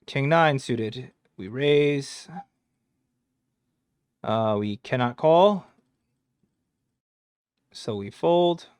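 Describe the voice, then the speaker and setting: A man's voice: mid-range voice, expressive, very slow, pauses often, darkish tone, smooth, dry recording, clean studio sound. Crude joking man reviewing poker hands. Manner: crude, joking, rambling with swearing. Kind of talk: casual hand review commentary.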